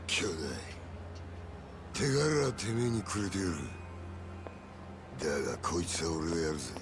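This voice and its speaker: An actor voicing a boastful, cruel male yakuza thug in a video game, rough and swaggering. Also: deep voice, very animated, quick pace, noisy background.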